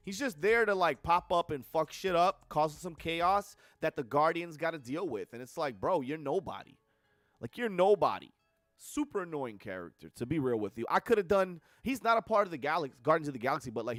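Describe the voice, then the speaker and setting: Young male streamer, higher-pitched, dry close sound; casual profane film-review rant. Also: fairly bright tone, no echo. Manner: blunt and profane, with slangy asides.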